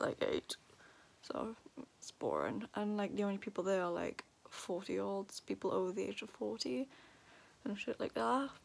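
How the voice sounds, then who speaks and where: A woman's voice: medium pitch, vocal fry. An eighteen-year-old woman venting in a casual vlog, swearing and ranting with frustration. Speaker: vlogger.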